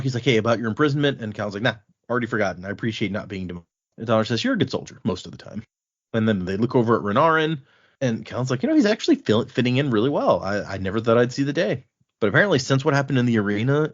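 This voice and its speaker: A man hosting a casual podcast, retelling a book's chapters in an animated way and quoting the characters in a loose, conversational voice. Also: medium pitch. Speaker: podcast host recapping a book. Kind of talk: casual chat. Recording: dull lo-fi podcast audio.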